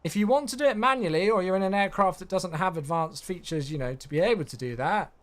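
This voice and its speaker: A high-voiced man talks fast while streaming a flight sim. He's tired from the day and yawns, yet stays chatty with viewers, reading chat aloud and thanking subscribers in this casual live stream.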